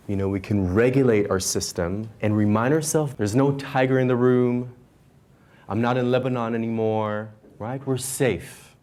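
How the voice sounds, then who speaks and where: A man, a leadership coach, giving a conversational stage talk to a live audience, gently guiding and then telling a personal story. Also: fairly low pitch.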